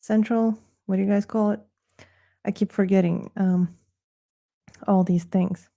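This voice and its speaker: Slow-talking woman, mellow chatty voice. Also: medium pitch, fairly even intonation, gravelly. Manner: chatty, joking, rambling asides. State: a bit out of breath. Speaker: live stream host. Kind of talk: casual live stream chat. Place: Texas.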